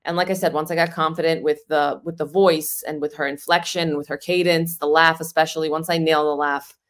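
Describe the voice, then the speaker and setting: Snarky low-voiced woman comedian. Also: level tone, brisk. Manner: snarky, filler-heavy, self-assured. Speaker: comedian and impressionist guest. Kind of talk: casual podcast chat.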